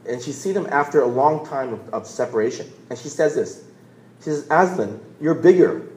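A man's voice: medium pitch, a little fast, a little mellow. Man preaching in a roomy hall. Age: 40s. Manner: conversational storytelling, repeats words, asks "right?". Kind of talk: sermon. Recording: roomy echo.

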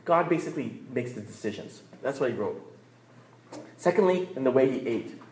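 A man's voice: mid-range voice, expressive, normal speed, a little mellow, slight background noise. A man in his thirties preaching a sermon in a conversational way, often checking in with "right?" and laughing between points. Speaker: pastor. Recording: roomy echo.

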